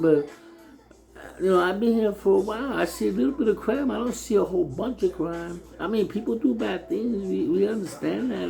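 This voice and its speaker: Man, gravelly dark voice, heated stammering rant, faint music behind. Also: high voice, rough recording. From New York City. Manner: heated, repetitive, stammers on words, profane. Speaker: local resident. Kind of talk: casual ranting monologue.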